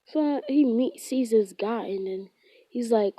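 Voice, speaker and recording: A woman with a slightly high voice rambles through a fan-fiction retelling, tripping over fillers and correcting herself as she goes. The sound is close and dry, with a dull lo-fi quality. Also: measured pace, no echo. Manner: rambling, heavy on filler words, frequent self-corrections. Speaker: storyteller.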